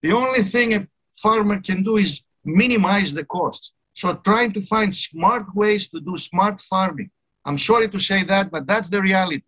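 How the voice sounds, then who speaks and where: Earnest bright-voiced man presenting at a conference. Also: high-pitched, moderate pace. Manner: earnest, emphatic, repeats key words. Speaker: conference speaker.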